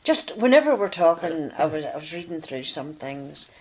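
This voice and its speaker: A woman's voice: low-pitched, very animated, normal speed, a little mellow, low-quality recording. A woman, co-hosting a casual chat and telling a story with lots of fillers. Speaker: co-host.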